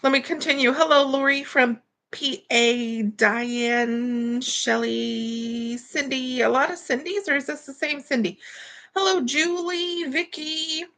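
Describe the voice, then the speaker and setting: A woman's voice: high voice, steady tone, takes it slowly, fairly bright tone. A woman hosting a live stream, chatting casually in a rambling way with lots of fillers and greeting viewers by name.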